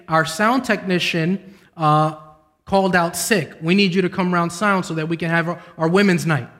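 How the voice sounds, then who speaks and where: A young man preaching a sermon, telling a story with a voice that climbs when he gets excited. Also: high-pitched. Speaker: pastor. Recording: long reverb of a large hall.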